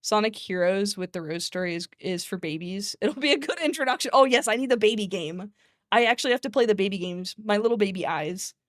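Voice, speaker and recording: A woman's voice: mid-range voice, fairly quick, dry recording, studio quality. A woman streamer chatting casually, rambling between topics, laughing often and swearing freely. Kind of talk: casual chat.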